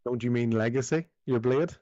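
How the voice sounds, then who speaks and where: A man running a tabletop game as game master, easygoing and quick to affirm, explaining rules and describing the scene. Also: mid-range voice, mellow, dry recording. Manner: easygoing, affirming with repeated yeahs. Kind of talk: narrating and ruling a tabletop game. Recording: slightly dull lo-fi audio.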